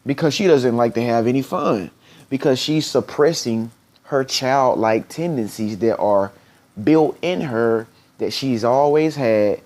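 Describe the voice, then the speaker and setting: Man, mid-pitched, earnest motivational vlogger; repeats lines for emphasis, pops into squeaky voices for quotes. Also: measured pace, a little mellow. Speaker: motivational speaker. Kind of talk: motivational vlog talk.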